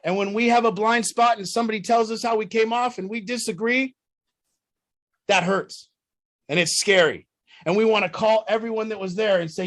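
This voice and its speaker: A man's voice: steady tone, a little fast. A man leading a recovery group talk, blunt and profane, firing rhetorical questions at his listeners. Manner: rhetorical questions, swings loud and high when worked up. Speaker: group leader.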